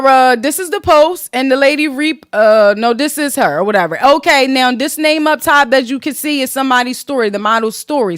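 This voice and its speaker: A woman's voice: high-pitched, dry recording, clean studio sound. Sassy young woman dishing celeb gossip on her podcast, aave, swinging all over the place. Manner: sassy, profane, animated, reads posts aloud with reactions. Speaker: podcast host. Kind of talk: casual celebrity gossip commentary.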